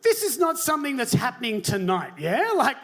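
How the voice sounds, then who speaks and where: A man with a very high voice speaks on stage with mock earnestness. He hedges and stammers in an ironic way. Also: wildly swooping pitch, a little fast, a bit bright. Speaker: comedian debater. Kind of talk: stand-up debate speech.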